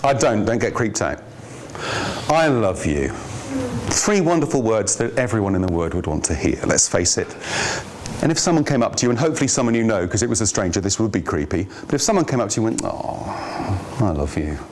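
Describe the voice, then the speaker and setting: A man giving a business training workshop, lively and jokey, quizzing his audience. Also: on the low side, fast. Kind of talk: workshop presentation. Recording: noisy room recording.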